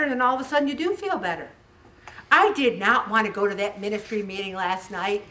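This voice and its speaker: A middle-aged woman giving a casual motivational talk to a faith group, animated and laughing often as she tells stories. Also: a little high, brisk, recorded from a distance.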